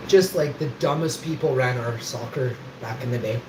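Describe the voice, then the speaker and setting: A man's voice: medium pitch, normal speed, few pauses. A man telling rambling, boastful stories on a livestream and swearing freely. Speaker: livestream host. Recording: echoey room with background noise.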